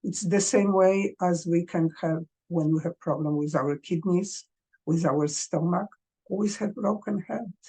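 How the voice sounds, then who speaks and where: A woman gives parents gentle, earnest advice at an unhurried pace. She speaks English as a second language, in a mellow, slightly husky voice. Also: on the low side. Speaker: parenting coach.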